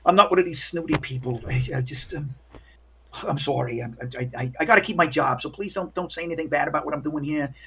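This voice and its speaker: A man's voice: fairly high pitch, fast, pushed and bright, slight background noise. A man voicing a nervous young male hotel worker with a Brooklyn accent, stammering and eager to please.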